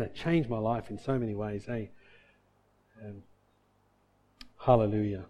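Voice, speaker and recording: A man preaches in a mellow, warm-toned voice that sits a little higher than most men's. He talks casually, tossing off quick asides, then drops to near-murmurs and climbs again to loud, emphatic declarations. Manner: conversational, swings from soft and low to loud and emphatic. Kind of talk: sermon with personal testimony.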